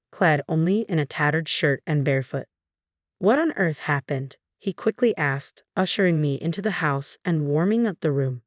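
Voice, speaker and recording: A woman narrating a first-person story as scripted narration, in a steady, even reading. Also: deep voice, no echo, studio quality.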